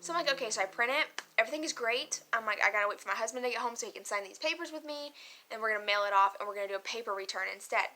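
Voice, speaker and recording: A woman's voice: fairly high pitch, racing, bright, forceful tone. A young woman chatting casually to camera as a vlogger, emotional and talkative, often laughing and using many fillers.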